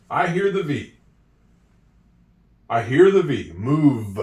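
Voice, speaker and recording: A man teaching handwriting and spelling at a board, with slow, encouraging talk and drawn-out words. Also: mid-range voice, sing-song, darkish tone. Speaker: English teacher. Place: room with a whiteboard. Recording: echoey room, voice from a distance.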